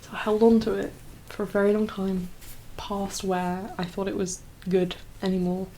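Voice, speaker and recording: Brief: young woman, soft-spoken ASMR chat, breathy half-whispers, teary and rambling, faint background hum. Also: medium pitch, level tone, normal speed, poor audio. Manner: rambling, full of fillers and laughs. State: teary, emotional. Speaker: ASMR creator.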